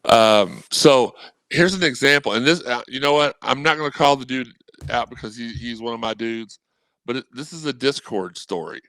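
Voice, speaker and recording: A man on a podcast as a guest, talking sports in a rambling, animated way. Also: mid-range voice, normal speed, no room sound. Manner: animated, rambling, quotes people in voices. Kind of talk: casual sports talk.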